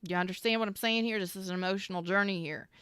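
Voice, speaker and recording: A woman's voice: mid-range voice, steady tone, rapid-fire, a bit bright, clean tone, no echo, clean studio sound. A woman giving a casual, heartfelt tarot reading, talking straight to the listener in an earnest, emotional way, often repeating herself and swearing now and then. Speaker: tarot reader.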